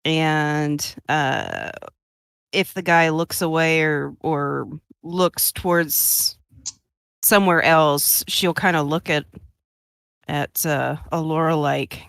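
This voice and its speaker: Slow, lowish woman at a game table. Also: steady tone, gravelly, a bit bright, clear, resonant tone, dry recording, studio quality. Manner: chatty, hedging with 'kind of' and 'like'. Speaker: player. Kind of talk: casual tabletop play.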